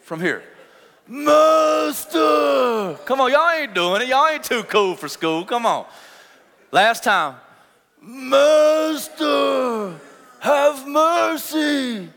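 A young adult man preaches as pastor in a church, impassioned and drawing the congregation in. His high, bright voice is very animated and forceful at a moderate pace, with the long reverb of a church hall around it.

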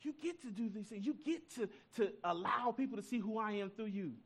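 A man's voice: high-pitched, animated, a little fast, slightly rough, pitched above the performer's own voice, exaggerated voice. A man voicing God as a reassuring male divine voice in a sermon, repeating short insistent lines.

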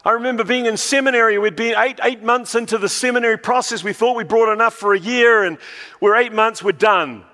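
A man's voice: extremely high pitch, a little fast, pushed and bright, big-room sound. A male pastor from New Zealand preaching a sermon, telling stories and often repeating words as he restarts a phrase.

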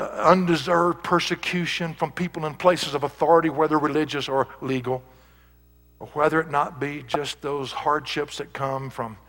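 A man's voice: a little high, fairly bright tone, in a large hall. A male pastor preaching a sermon, reading scripture aloud and building to emphatic peaks.

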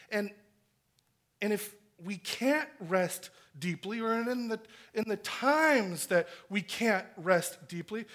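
A man preaching a sermon in an earnest style, rising to loud emphasis and dropping to hushed, near-whispered lines. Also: sits high. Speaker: pastor.

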